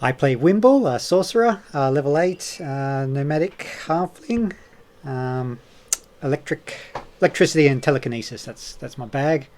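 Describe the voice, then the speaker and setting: A man at a game table introducing his character in a halting way, full of fillers. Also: mid-range voice, animated, a little mellow, a little hiss or hum. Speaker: player.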